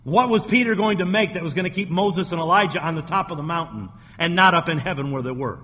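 A man's voice: on the high side, fast, pushed and bright, slightly rough. A man preaching a sermon in a church, emphatic and repetitive, asking the congregation rhetorical questions. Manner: emphatic, repeats phrases for effect, asks rhetorical questions. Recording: long hall reverb.

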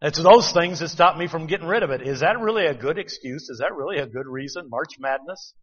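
A man's voice: fairly high pitch, lively intonation, a little fast, breathy edge, highs cut off. Man preaching in a reverberant hall. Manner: conversational preaching, rhetorical questions. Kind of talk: sermon.

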